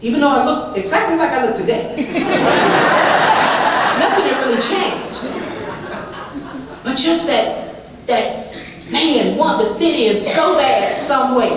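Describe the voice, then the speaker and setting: A woman in her forties tells her life story to a gathered audience, full of humor and quick laughs. Her voice sits slightly high. She is caught by a distant mic in a boomy room, with steady noise behind her. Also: heavy reverb. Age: 40s. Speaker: speaker sharing her recovery story.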